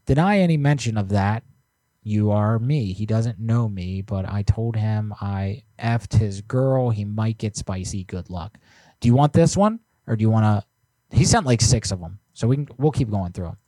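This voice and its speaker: Guy on a prank call stream goofing around reading viewer tips, lowish mellow voice. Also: animated, normal speed, dry recording. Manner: joking, loose, reading out viewer submissions. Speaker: prank call show co-host. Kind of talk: casual live-stream chat.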